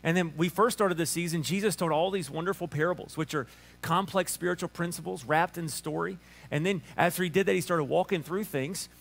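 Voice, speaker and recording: Animated Alabama-accented pastor. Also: male voice, on the high side, brisk, creaky. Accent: Southern US, Alabama. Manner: storytelling with restarts and chuckles. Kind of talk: sermon.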